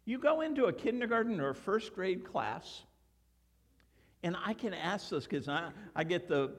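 An older man, a grandfather, preaching a sermon in a church and telling stories with lively quoted voices. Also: high-pitched, normal speed, in a large hall. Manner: storytelling, animated, acts out quoted voices. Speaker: pastor. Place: church sanctuary.

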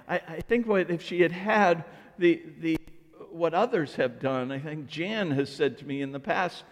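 A man preaching as a pastor, his voice pitched a bit high and trailing off into a long church reverb. He tells stories and plays out little dialogues, jumping from loud outbursts to hushed asides. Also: moderate pace. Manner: animated storytelling, acting out dialogue with swings of pitch and volume. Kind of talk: sermon. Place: church sanctuary.

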